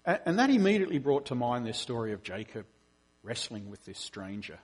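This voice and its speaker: A middle-aged man gives a conversational sermon, his voice a touch husky and breathy. He tells stories with energy and slips into acting out the lines he quotes. He sounds like a lecturer at ease with a congregation. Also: medium pitch, fairly quick. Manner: animated storytelling, acting out quotes. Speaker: preacher and professor.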